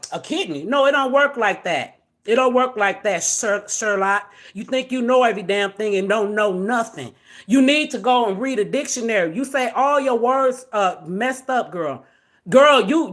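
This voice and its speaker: A woman with a high-pitched voice rants on her own live stream, blunt and confrontational as she scolds someone. She talks straight into her camera in a loose, unscripted way. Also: a bit bright. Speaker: livestream host. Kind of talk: livestream rant. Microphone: phone or webcam on a live stream.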